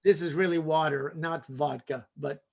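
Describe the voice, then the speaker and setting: A man hosts a casual chat in a high, light voice. He is chatty and upbeat, reading out viewer questions and tossing in quick quips. The talk moves easily and stays friendly. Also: fairly even intonation, vocal fry. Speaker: host.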